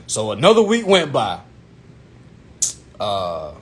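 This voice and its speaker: A young man telling a personal story to his viewers in an animated, profane way, repeatedly asking if they follow him. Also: a little high, fairly quick. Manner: animated, profane, addresses viewers as "y'all", keeps asking "you know what I'm saying".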